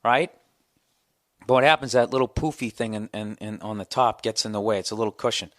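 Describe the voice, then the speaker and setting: A man in his forties, a comedian hosting his podcast, telling a long profane story in a ranting, animated way. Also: lowish voice, fairly quick, no echo, studio quality. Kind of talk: casual storytelling monologue.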